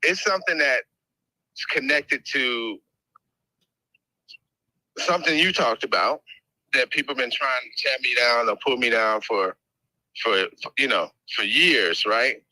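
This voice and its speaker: Bright, rambling male caller. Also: medium pitch, dry recording, poor audio. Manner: rambling, halting, trails off and restarts. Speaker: caller on a recorded call.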